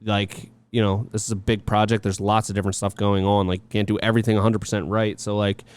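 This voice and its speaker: Rambling joking man, smooth clear voice. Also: on the low side, level tone, fast talker. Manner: rambling, many fillers and restarts; joking, sarcastic. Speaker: podcast co-host. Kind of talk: casual chat.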